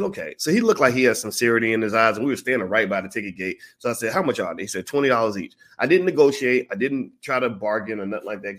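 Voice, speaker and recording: A man casually telling a long, profane personal story, acting out the voices of the people in it. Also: medium pitch. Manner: animated, profane, acts out quoted voices.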